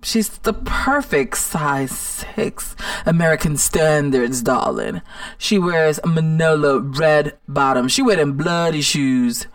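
A woman's voice: low voice, takes it slowly, hardly any pauses, dry recording, far from the mic. Sassy, emphatic woman podcast host. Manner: sassy, emphatic, repeats words for stress. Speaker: podcast host and life coach. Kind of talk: casual motivational monologue.

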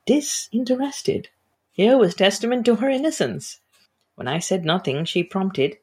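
A woman author talking casually in an interview and reading her novel aloud in an expressive, animated way. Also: on the low side, unhurried, breathy edge.

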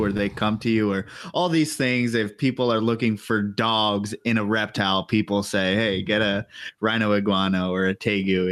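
A man's voice: lowish voice, a bit bright. A man co-hosting a casual interview, asking detailed, careful questions. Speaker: podcast co-host.

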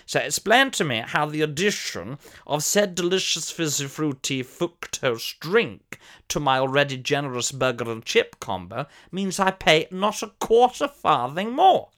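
A man's voice: a little high, big pitch swings, measured pace, a bit bright. A man voicing a pompous elderly former soap actor, telling a fussy, theatrical comic story. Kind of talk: comic character monologue.

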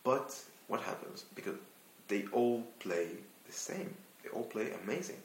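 A man's voice: medium pitch, big pitch swings, a little slow, reverberant, a little hiss or hum. A young man from Israel with an Israeli accent, a guest musician talking casually and thoughtfully, sometimes searching for words. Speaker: guest violinist. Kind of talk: casual interview talk.

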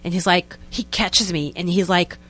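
A young woman, a guest telling a story in a lively, casual way and acting out what people said. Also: on the low side, normal speed. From Israel. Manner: animated, acts out quotes in other voices, many "like" fillers.

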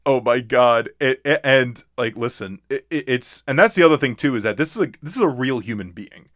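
A man's voice: medium pitch, lively intonation, brisk, a bit bright, dry recording, clean studio sound. A man co-hosting a casual movie talk, rambling with many restarts and fillers. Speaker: podcast co-host.

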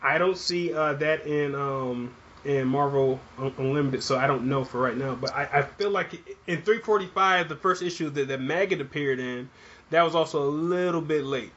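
A man with a somewhat higher voice asks his guest casual, curious questions and swears offhand. The audio is dull and lo-fi. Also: normal speed, fairly bright tone, a little hiss or hum. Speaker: interviewer, podcast host. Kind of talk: casual interview.

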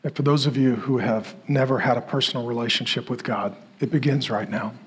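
A male pastor preaching a sermon in an emphatic way, repeating phrases and pausing for effect. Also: medium pitch, slightly rough. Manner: emphatic, repetitive, with dramatic pauses.

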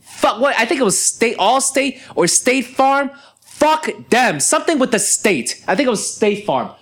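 Young man ranting, angry and profane. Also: a little slow. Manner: angry, profane, heavy cursing; animated, swings into loud high outbursts. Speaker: podcast host. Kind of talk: ranting monologue.

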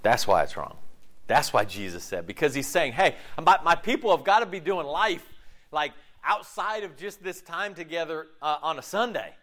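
A man preaching a sermon as pastor, animated and chatty, acting out quoted voices and laughing at himself. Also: fairly high pitch, moderate pace.

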